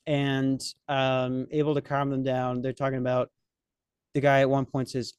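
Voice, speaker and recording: A man's voice: mid-range voice, monotone, normal speed, darkish tone, clean tone, no room sound. A young man hosting a podcast, telling a comic story in a rambling, profane, self-mocking way. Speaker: podcast host. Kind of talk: comedic storytelling chat.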